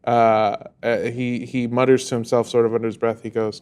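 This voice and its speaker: A man's voice: mid-range voice, level tone, normal speed, a little mellow, clear, resonant tone. A man narrating as game master of a tabletop role-playing game, in a loose, hesitant way. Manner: loose, hesitant, many fillers.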